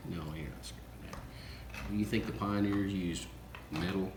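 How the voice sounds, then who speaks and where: A man's voice: low voice, fairly even intonation, moderate pace. A man co-hosting a casual cooking show, folksy and chuckling, enthusiastic about the food, in an echoey room with background noise. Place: workshop.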